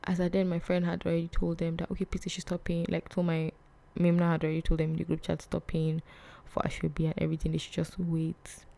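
A young woman, telling a personal story on her vlog in a soft, hesitant way that often drops to a whisper. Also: on the low side, completely flat delivery, fast, gravelly. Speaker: vlog host.

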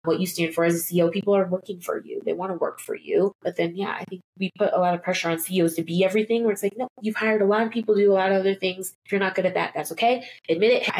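A woman talking as a guest in a casual podcast chat, bubbly and jumping into high squeaky voices when she quotes people. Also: darkish tone. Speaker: guest, people business partner.

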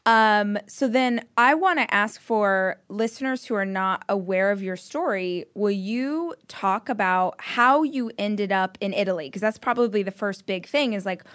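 A woman's voice: mid-range voice, unhurried, hardly any pauses, a bit bright, dry recording, clean studio sound. A woman hosting a podcast interview, talking in a friendly, chatty way. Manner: friendly, chatty, lots of fillers. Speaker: podcast host. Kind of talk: casual interview.

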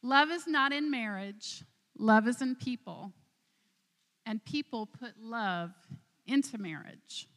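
A woman in her forties speaking at a church service, telling stories at a slow, deliberate pace. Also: fairly high pitch, a bit bright. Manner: slow storytelling, acts out characters in a joke. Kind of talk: sermon with a told joke. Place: church sanctuary. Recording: long reverb of a large hall.

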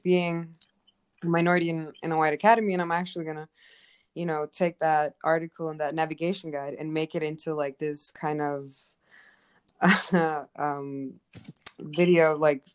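A young woman artist of Kurdish background talking casually and expressively, with many fillers. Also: low voice. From Kurdish family background. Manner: animated, expressive, lots of fillers. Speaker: art teacher and painter. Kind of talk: casual conversation.

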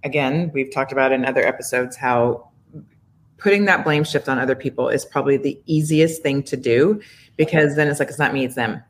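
A woman's voice: extremely low pitch, brisk, a little hiss or hum. A woman co-hosting a relationship podcast, talking casually in a thoughtful, advising way. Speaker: podcast co-host.

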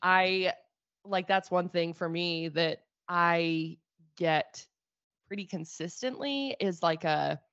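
A young woman from Utah chats casually as a podcast co-host, rambling and laughing at herself. Her voice sits on the low side. The recording is dry and a little muffled. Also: slow pace, no room sound. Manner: rambling, animated, self-deprecating. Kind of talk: casual chat.

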